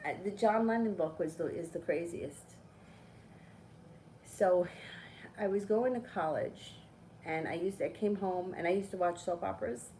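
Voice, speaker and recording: A middle-aged woman, a tarot reader chatting casually on a live stream, telling a story with lively, swearing asides. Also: lowish voice, normal speed, pauses often, a little hiss or hum, poor audio.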